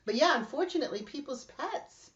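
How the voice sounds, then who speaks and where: A middle-aged woman hosting a casual podcast chat, telling animated stories and laughing often. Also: high-pitched, fairly quick, muffled recording. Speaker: podcast host.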